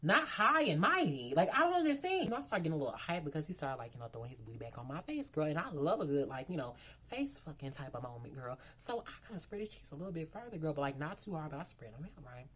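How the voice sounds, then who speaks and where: A woman's voice: low voice, big pitch swings, fast, few pauses, a little hiss or hum. A woman, chatting frankly through a storytime. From Memphis, Tennessee. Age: 20s. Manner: chatty, frank, heavy fillers. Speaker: vlogger. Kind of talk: storytime chat.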